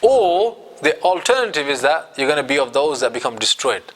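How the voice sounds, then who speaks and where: A man's voice: a little high, very animated, brisk, fairly bright tone. A man teaching a Quran commentary class, quizzing his students and acting out quotes.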